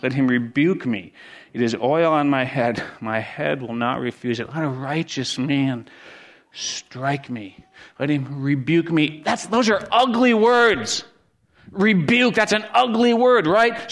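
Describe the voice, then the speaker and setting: A middle-aged man gives a sermon as a pastor. He preaches earnestly, swinging from loud, high emphasis down to soft, low asides. His voice sits at an ordinary male pitch.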